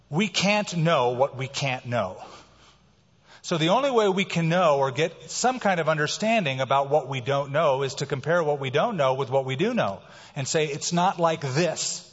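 A man preaching a sermon in a slightly higher voice, moving between hushed, slowed lines and sudden loud bursts of emphasis. The sound is a bit dull, and his voice trails off in a long reverb, like a church sanctuary. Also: husky. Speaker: pastor.

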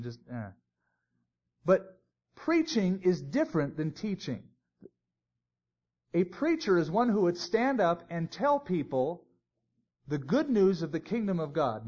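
Animated man teaching a sermon. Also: on the high side, normal speed. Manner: conversational, with joking asides. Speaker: Bible teacher. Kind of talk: expository Bible teaching sermon. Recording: dull lo-fi recording.

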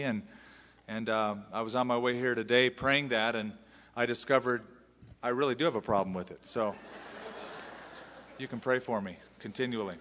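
A man's voice: mid-range voice, fairly even intonation, a little fast, pauses often, pushed and bright, big-room sound. A man from the US West Coast with an American accent, preaching a sermon in a conversational, self-deprecating way. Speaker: pastor. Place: large church hall.

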